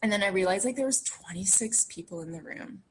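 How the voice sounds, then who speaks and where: A woman's voice: medium pitch, fairly quick, a little hiss or hum. A woman in her thirties telling a story about giving birth to her twins in casual conversation. She talks in a chatty way, laughs often and acts out the voices of the people she quotes.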